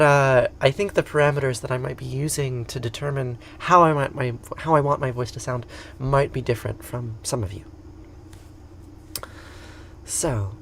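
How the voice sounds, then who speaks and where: A woman with an English accent hosting a spiritual livestream, talking casually and softly between chants, often chuckling. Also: sits low. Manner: unhurried, soft-spoken, chuckles between remarks. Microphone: home livestream setup.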